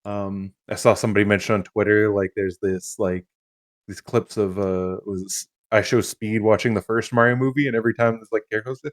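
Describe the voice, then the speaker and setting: Low-voiced laid-back Canadian man. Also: brisk, dry recording, clean studio sound. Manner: relaxed, laughs along, trailing fillers. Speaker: podcast co-host. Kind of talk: casual chat.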